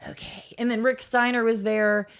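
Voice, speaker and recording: A woman in her thirties, a guest on a podcast, telling stories in a casual, animated way, with frequent laughs and lots of filler words. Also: medium pitch, brisk. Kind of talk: casual storytelling interview.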